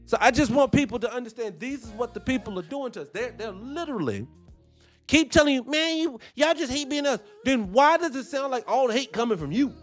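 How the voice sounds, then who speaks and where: A man's voice: very high-pitched, expressive, quick pace, soft background music. A man hosting a commentary show, ranting in a heated, profane, preaching way. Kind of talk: live-stream commentary with viewer shout-outs.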